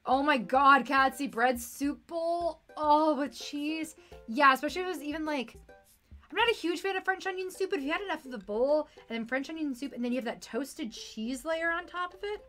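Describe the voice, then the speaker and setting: A woman's voice: high-pitched, animated, fast, sharp tone, soft background music. A young woman streaming a game, chatting casually and reading its text aloud, playful and fond of puns, rambling about food.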